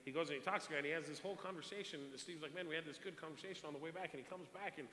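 A man preaching a sermon, telling a story in an animated way and repeating words as he goes. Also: on the high side, very fast. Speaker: pastor. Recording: echoey hall, long reverb, faint hiss.

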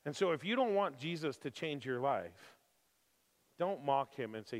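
A man preaching a sermon who moves from calm scripture reading to impassioned, emphatic preaching with repeated phrases. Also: on the high side, normal speed. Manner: emphatic repetition. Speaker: pastor. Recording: long hall reverb.

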